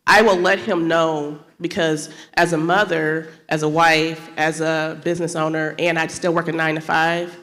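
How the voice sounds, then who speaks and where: A woman's voice: low voice, flat delivery, moderate pace, hardly any pauses. A woman speaking on a panel as a wife and business owner, earnest and a little emotional. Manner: earnest, a bit emotional, laughs softly. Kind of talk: candid panel answer. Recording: long hall reverb.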